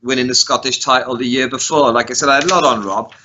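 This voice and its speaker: A man's voice: mid-range voice, steady tone, fast, sharp tone, dull audio, slight background noise. A man co-hosting a casual chat, talking loosely and laughing often. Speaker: co-host.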